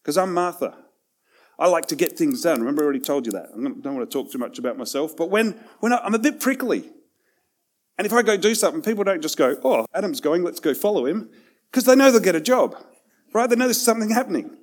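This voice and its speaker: A man preaching a sermon in a conversational way, with self-deprecating asides, swinging between loud and hushed passages. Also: high-pitched, expressive, quick pace. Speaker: pastor.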